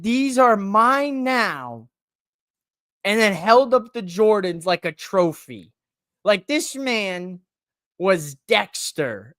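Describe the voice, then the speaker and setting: A woman hosting a live wrestling watch-along podcast in casual chat, excitable and swearing, breaking into loud high-pitched shouts. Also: no echo, clean studio sound. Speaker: podcast host.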